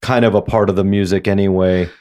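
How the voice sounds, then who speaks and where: A man hosting a podcast interview, chatting casually in a rambling, halting way with many false starts. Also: low-pitched, fairly even intonation, darkish tone. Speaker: podcast host.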